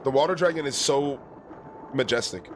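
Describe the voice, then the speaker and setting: A man's voice: mid-range voice, normal speed, a little hiss or hum. A young man streaming a video game, chatting in a rambling, casual way and greeting viewers. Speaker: gaming streamer. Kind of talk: let's play commentary.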